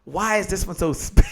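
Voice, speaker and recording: A man hosting a live video interview, energetic and motivational, hyping up his guest and audience. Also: fairly high pitch, slight background noise. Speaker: show host interviewing an author.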